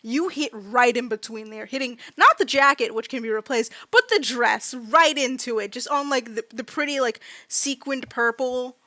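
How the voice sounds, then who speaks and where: A young woman narrating a tabletop game as game master, talking quickly with lots of fillers. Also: a little high, sharp tone, no room sound. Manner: fast, filler-heavy narration with laughs.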